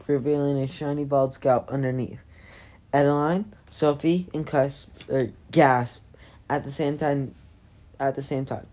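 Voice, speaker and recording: A woman's voice: deep voice, mellow. A woman casually reading a novel aloud, with chatty asides to listeners. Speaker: reader.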